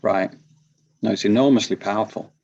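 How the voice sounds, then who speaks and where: A male interviewer giving slow, short affirmations while a guest explains. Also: fairly low pitch, creaky, a little mellow, lo-fi sound. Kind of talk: brief listening responses.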